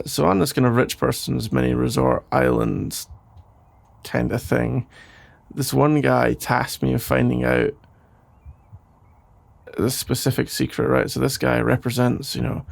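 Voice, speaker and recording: Brief: gravelly, husky rambling boyfriend, played by a man, soft sleepy whispered role-play. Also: mid-range voice. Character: caring, rambling boyfriend putting partner to bed. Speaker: ASMR role-play creator.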